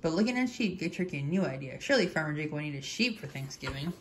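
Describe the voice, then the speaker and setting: A woman reading a children's picture book aloud in an animated, expressive storytelling manner. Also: low voice, quick pace, a little hiss or hum. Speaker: storybook reader.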